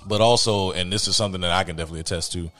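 A young man co-hosting a podcast races through a story in casual chat, heavy on slang and acting out both sides of an argument. His low-pitched voice is a bit bright, with faint music in the background.

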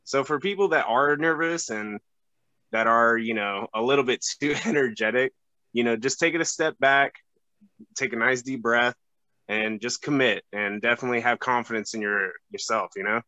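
A young man chatting on a podcast as a guest, halting and full of fillers and restarts. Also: mid-range voice, sharp tone, no room sound, lo-fi sound. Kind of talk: casual podcast chat.

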